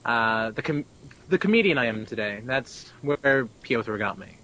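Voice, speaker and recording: A man's voice: medium pitch, animated, unhurried, bright, forceful tone. A young man being interviewed about his voice acting, chatty and brash, laughing and swearing freely. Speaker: abridged-series voice actor, interview guest. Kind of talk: casual interview.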